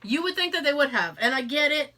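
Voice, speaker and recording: A woman's voice: high voice, lively intonation, fast, sharp tone. A woman with a Boston accent co-hosting a podcast in casual chat, swearing freely, laughing a lot and putting on mock voices. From Boston area. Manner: profane, laughs often, mock voices in quotes. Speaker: podcast co-host.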